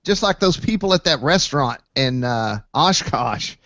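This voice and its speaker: A man hosting a casual online hangout, telling stories with lively jumps in pitch when he quotes people. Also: normal speed, lo-fi sound. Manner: animated storyteller, jumps to high pitch when quoting people. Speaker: host, site admin. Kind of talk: casual chat, storytelling.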